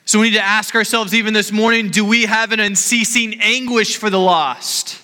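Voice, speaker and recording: A man in his thirties gives an impassioned sermon in a high, sharply bright voice. His earnest words carry a long reverb through a church hall. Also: steady tone, moderate pace. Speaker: pastor.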